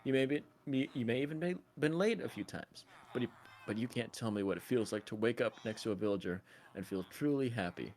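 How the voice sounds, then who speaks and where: A man reading the lines of an earnest male therapist lecturing a young man, in a steady tone with stumbles. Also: medium pitch, a little fast, lightly acted. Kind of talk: casual reading of a film scene.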